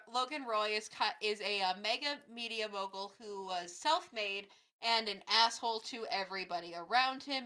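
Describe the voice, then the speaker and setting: A young woman co-hosting a casual podcast chat, excitable and quick to gasp and exclaim. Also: fairly high pitch, poor audio. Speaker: podcast co-host.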